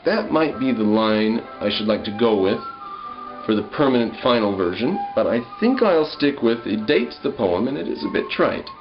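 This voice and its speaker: Musing low-voiced man on a lo-fi recording. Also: sing-song, normal speed, music in the background. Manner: musing, reads lines aloud then explains, frequent ums and restarts. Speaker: poet. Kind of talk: casual spoken commentary on his own poem.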